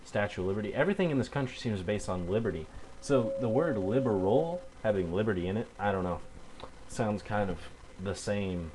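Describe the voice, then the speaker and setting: A man's voice: lowish voice, darkish tone, slight background noise, low-quality recording. Heated young man ranting at a webcam. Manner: irritated, heated, cursing, halting with fillers. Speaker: video blogger. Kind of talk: angry rebuttal rant to camera.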